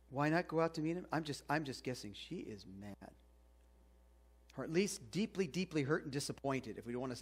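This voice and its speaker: A man's voice: medium pitch, husky. A man preaching a sermon in a casual, conversational way, asking the congregation questions as he goes. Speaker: pastor.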